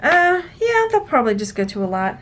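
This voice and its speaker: A woman's voice: sits high, sing-song, fairly quick, fairly bright tone, slight background noise. A woman, chatting playfully in a casual unboxing vlog, sorting jewelry to resell. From Texas. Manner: chatty, playful, talks to objects.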